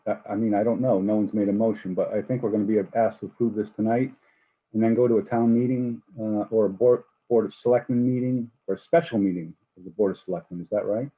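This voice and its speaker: A board member questioning officials at a public meeting, speaking haltingly with frequent restarts. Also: male voice, fairly low pitch, steady tone. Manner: halting, many restarts and repeated words. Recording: husky voice on a tinny phone-like line.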